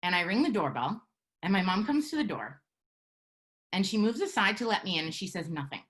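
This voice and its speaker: A woman telling a personal story live, in an earnest, measured way with halting pauses. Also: mid-range voice, very animated. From Canada.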